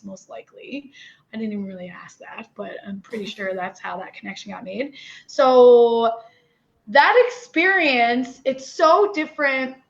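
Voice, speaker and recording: Candid young Newfoundland woman, dull audio. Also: on the high side. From Newfoundland, Canada. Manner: animated, candid, lots of "like" and "you know". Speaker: podcast guest. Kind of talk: candid interview chat.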